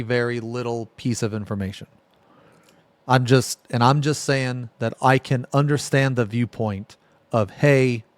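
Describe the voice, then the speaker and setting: A man's voice: medium pitch, no room sound. Blunt, profane male streamer. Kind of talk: casual reaction commentary.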